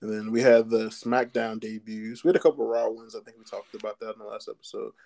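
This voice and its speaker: A man's voice: fairly low pitch, fairly even intonation, fast, vocal fry, a little mellow. A man co-hosting a podcast in casual chat, laid-back and agreeable, often laughing. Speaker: podcast co-host.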